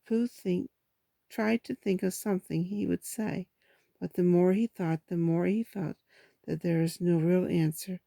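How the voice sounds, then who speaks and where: Mellow gravelly woman reading a storybook. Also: fairly low pitch, moderate pace, dry recording. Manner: steady, gentle storytelling with small slips. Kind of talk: storybook read-aloud.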